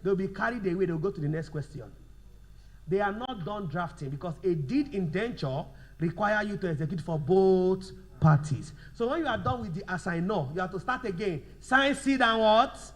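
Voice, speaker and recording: Male law lecturer, high voice, drills the class with fill-in-the-blank questions and dictates slowly. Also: animated. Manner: slows down to dictate notes.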